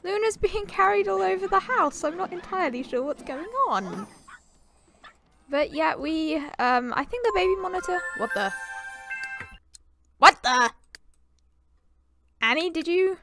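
A woman's voice: extremely high pitch, lively intonation, unhurried, creaky, long pauses, music in the background. A British woman giving chatty, rambling commentary on her life-sim game and talking to the characters. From Britain. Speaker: gameplay commentator.

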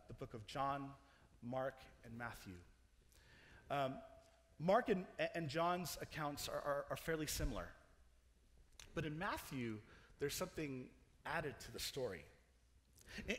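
A young man preaching in a chapel, telling a story with animated energy, laughing and restarting his sentences as he goes. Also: a little high. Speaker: chapel speaker. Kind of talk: storytelling sermon. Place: large chapel hall. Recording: long hall reverb.

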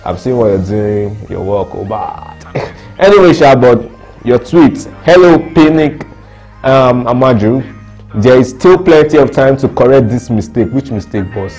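A young Nigerian man with a Nigerian accent, reading out fan reactions in a lively, slangy casual chat. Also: lowish voice. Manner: lively, mixes Pidgin slang, laughs a lot.

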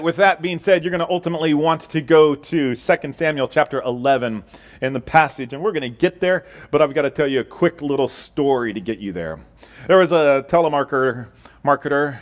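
A middle-aged man preaching a sermon as pastor, casual and joking in his announcements. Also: medium pitch.

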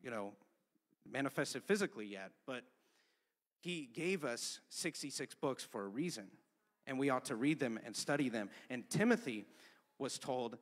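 A man's voice: mid-range voice, lively intonation, moderate pace. Young male preacher in a reverberant church. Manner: casual, conversational preaching with storytelling. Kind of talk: sermon. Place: church sanctuary. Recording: long church-hall reverb.

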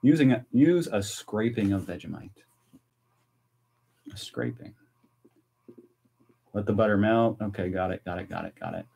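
An American man chatting casually and excitedly on a live stream while tasting snacks. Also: on the low side, moderate pace, gravelly, pauses often, slight background noise. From United States. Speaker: vlogger.

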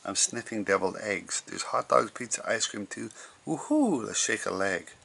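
A cheerful, encouraging storybook frog, put on by a man reading aloud. The voice is low and gravelly with a bright edge, steady and reassuring toward a worried friend. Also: moderate pace, full character voice. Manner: upbeat, reassuring.

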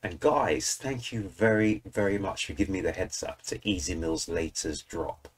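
A British man with a low, breathy-edged voice hosts a music reaction video at a moderate pace. His casual reaction commentary is enthusiastic, and he talks directly to his viewers.

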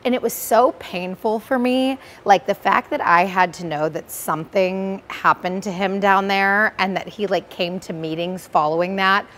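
A woman co-hosting a podcast in casual chat, asking lots of questions and reacting quickly to her partner. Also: medium pitch, steady tone, fairly bright tone. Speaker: podcast co-host.

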